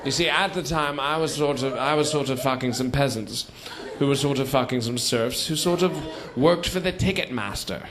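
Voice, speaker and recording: A man's voice: medium pitch, normal speed, few pauses, crowd noise. A man on a theater stage performing a comic monologue as a rambling old British chap, padding every line with "you see" and "sort of". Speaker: stand-up comedian performing a character monologue. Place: theater stage before a live audience. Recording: noisy live theater recording.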